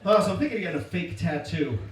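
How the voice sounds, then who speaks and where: A lively male stand-up comedian with a slightly high voice and a bouncy, sing-song delivery, cracking self-deprecating jokes and chuckling between lines. He is picked up from across a reverberant room, with loud background noise. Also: very fast. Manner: playful, self-deprecating, frequent laughter. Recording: echoey live room from a distance, loud noise.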